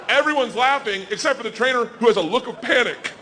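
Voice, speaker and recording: Guy doing stand-up, loud and animated, yells the quotes, a little room noise in the back. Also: high-pitched, fairly quick, hardly any pauses, big-room sound. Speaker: stand-up comedian. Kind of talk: stand-up storytelling. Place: comedy stage.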